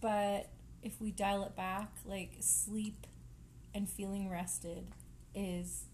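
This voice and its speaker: Chatty woman co-host, mid-pitched, casual home podcast, laughs often, light background hiss. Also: level tone, slow pace, darkish tone. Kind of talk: casual chat.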